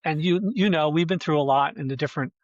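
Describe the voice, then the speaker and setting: Man, mid-pitched voice, halting speech, muffled lo-fi sound, dry. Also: no room sound. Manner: halting, many restarts and fillers. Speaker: filmmaker guest. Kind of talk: casual conversation. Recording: dull lo-fi audio.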